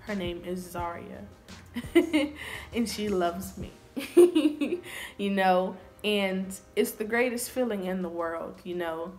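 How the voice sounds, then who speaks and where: Slow-talking young woman telling her story. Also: mid-range voice, animated, darkish tone, soft background music. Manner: earnest and confessional. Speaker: vlogger. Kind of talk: personal storytelling to camera.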